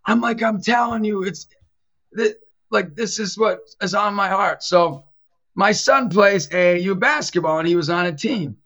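A man's voice: high-pitched, normal speed, muffled recording. A middle-aged man, a Catholic evangelist and youth basketball coach, telling stories in a casual chat and acting out the voices of the people in them. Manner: animated, acts out quoted voices in his stories. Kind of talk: casual storytelling in a podcast chat.

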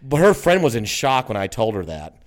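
A man's voice: medium pitch, sing-song, fairly quick. A man in casual chat, telling a personal story in a rambling way with restarts.

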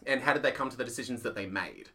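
A man co-hosting a casual theatre chat, animated and quick to laugh and act out quotes. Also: medium pitch. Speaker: podcast co-host; playwright.

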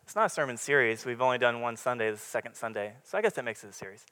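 A man's voice: mid-range voice, lively intonation, very fast, sharp tone. A young man preaching a casual, candid sermon, rambling a little with many fillers and restarts. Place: church meeting room with congregation. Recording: long reverb from the room.

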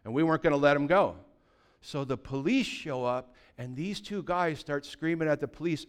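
A man in his fifties from California, a pastor telling a personal story in a lively, anecdotal way, with sudden loud bursts. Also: on the high side, moderate pace. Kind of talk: sermon storytelling.

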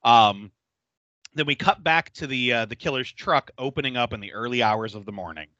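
A podcast host with a medium-pitched voice recaps a horror film in casual chat at normal speed, laughing often and swearing freely in an animated way. The recording is dry and lo-fi.

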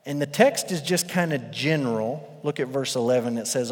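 Animated male preacher in a reverberant hall. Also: medium pitch, normal speed, hardly any pauses. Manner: animated storyteller, acts out the workers' voices. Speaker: pastor. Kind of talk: sermon. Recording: long reverb of a large hall.

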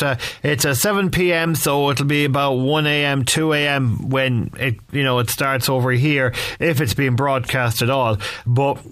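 A man's voice: medium pitch, fairly bright tone. A man hosting a casual radio sports chat, asking curious, rambling questions. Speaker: radio host.

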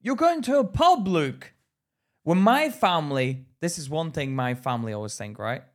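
High-pitched guy on a podcast, teasing his mate, animated. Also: moderate pace. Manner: animated, teasing, mimics voices. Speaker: podcast co-host. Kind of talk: casual chat.

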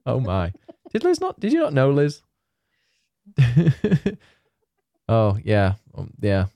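A man's voice: mid-range voice, huge pitch swings, slow, gravelly, mellow, no echo. A man co-hosting a casual chat show, rambling with lots of fillers and frequent laughter. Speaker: podcast co-host.

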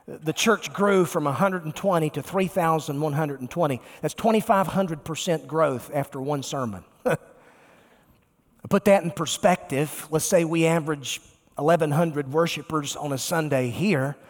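A pastor, a man, preaching a sermon emphatically and slowing down to stress key words. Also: on the high side. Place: large church sanctuary. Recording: long reverb of a large church.

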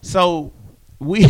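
A man co-hosting a sports podcast, speaking. His voice sits a little high. He tells stories in a relaxed, chatty way with easy filler words. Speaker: podcast co-host. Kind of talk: casual sports podcast banter.

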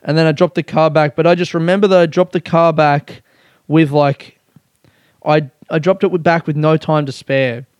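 Rambling, swearing podcast host. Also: male voice, on the high side, fairly even intonation, moderate pace, a little mellow, dry recording. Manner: rambling, self-mocking, swears freely. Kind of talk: casual solo podcast chat.

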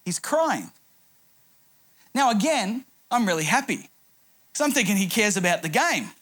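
A man's voice: high-pitched, big pitch swings, unhurried, fairly bright tone. A middle-aged man preaching a sermon, telling a humorous anecdote as a pastor.

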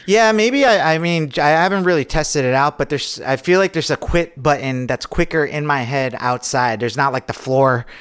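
A man's voice: on the high side, moderate pace, hardly any pauses, fairly bright tone, clear, resonant tone. A man co-hosting a podcast in casual chat, laid-back and rambling as he talks. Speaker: podcast co-host.

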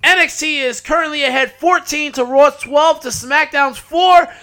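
A man hosting a casual chat show, joking and teasing in an animated way. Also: very high-pitched, normal speed. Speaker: podcast host.

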